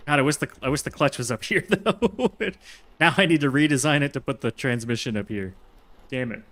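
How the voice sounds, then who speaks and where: A man's voice: mid-range voice, lively intonation, fairly quick, a bit bright. A man streaming a survival game, chatting to himself in a jokey way and laughing often. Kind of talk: casual gameplay commentary.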